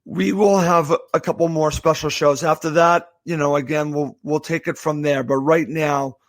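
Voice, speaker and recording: A man from the area, hosting a podcast and giving an emotional farewell, halting and full of thanks. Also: fairly high pitch, fairly even intonation, no echo. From Boston area, USA. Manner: halting, with repeated thanks and restarts. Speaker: podcast host. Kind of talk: heartfelt farewell monologue.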